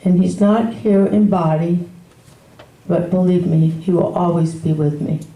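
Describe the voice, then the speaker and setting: An older woman giving a memorial eulogy as the mother of the deceased, telling stories slowly and tenderly. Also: lowish voice, fairly even intonation, dark tone. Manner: slow, tender storytelling. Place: memorial service hall. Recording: roomy hall from far off.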